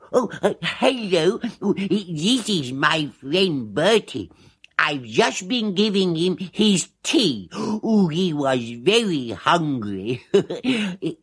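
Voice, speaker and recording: A shy, breathy hippo puppet. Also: male voice, a little high, full character voice. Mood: gentle. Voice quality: soft, breathy and hesitant. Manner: slow, timid, confiding. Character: shy gentle male hippo puppet, soft-spoken. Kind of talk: 1970s children's TV puppet voice.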